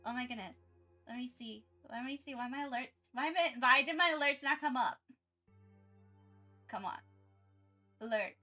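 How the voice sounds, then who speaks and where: A woman art streamer chatting casually with viewers on a livestream, excitable and rambling, often restarting her sentences. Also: high-pitched, moderate pace, pauses often, soft background music.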